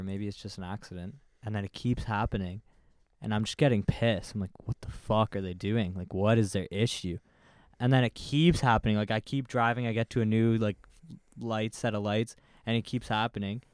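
A young man co-hosting a casual podcast, telling stories with plenty of swearing and quick laughs. His voice is smooth and clear. The recording is close and dry, with no room sound. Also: on the low side, darkish tone, no room sound. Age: young adult. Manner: laughing storyteller, swears freely. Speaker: podcast co-host. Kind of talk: casual chat.

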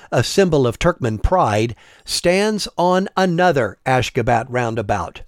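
A man narrating a travel story in a measured, wry scripted style. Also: on the high side, no echo, studio quality.

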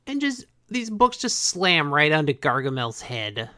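A man's voice: fairly high pitch, very animated, unhurried, pushed and bright. A man co-hosting a casual recap chat, laid-back, swearing and acting out lines from the episode. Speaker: podcast co-host.

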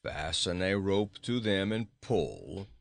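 A man's voice: low voice, big pitch swings, vocal fry, exaggerated voice. A man growling as a grumpy scornful talking goat. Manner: growling, contemptuous, slow and heavy.

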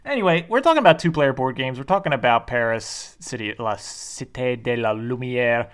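Male podcast co-host, relaxed and agreeable, halting speech with uhs, mid-pitched voice. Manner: easygoing, agreeable, hesitant with uhs. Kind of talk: casual chat.

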